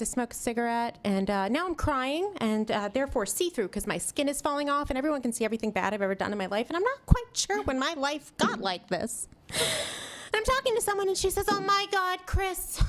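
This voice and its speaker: A woman's voice: high voice, noisy background. A woman in her forties from Long Island telling a personal comic story at an open mic, wry and self-deprecating, laughing often.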